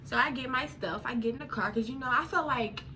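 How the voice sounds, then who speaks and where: A young woman telling a personal story in a casual, animated way, full of slang and dramatic retellings. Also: high voice, a little fast, a little hiss or hum.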